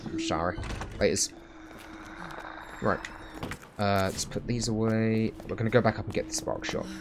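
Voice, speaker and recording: A man's voice: fairly low pitch, fairly even intonation, normal speed, noisy background. A man chatting casually over a game stream, swearing freely and talking to the characters on screen. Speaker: gaming streamer. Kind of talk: casual let's-play commentary.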